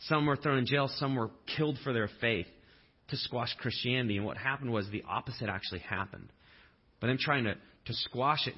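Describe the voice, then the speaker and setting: A male pastor delivering a sermon in a relaxed, conversational way, with humorous asides and acted-out quotes. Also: mid-range voice, slightly rough, muffled recording.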